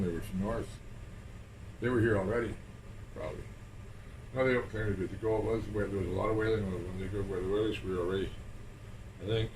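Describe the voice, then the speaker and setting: A man chatting casually in a rambling way, repeating himself and swearing now and then. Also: sits low. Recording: roomy and distant with air-conditioner hum.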